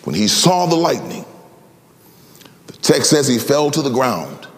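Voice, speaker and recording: A man preaching a sermon dramatically, slowing for emphasis and rising into sing-song phrases. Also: sing-song, long reverb tail. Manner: dramatic, swinging between slow low emphasis and high, sing-song rises.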